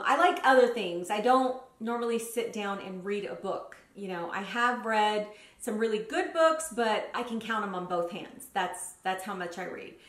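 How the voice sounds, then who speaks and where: A woman's voice: medium pitch, a bit bright. A woman vlogger chatting casually through her monthly favorites, gushing and using lots of fillers. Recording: roomy echo.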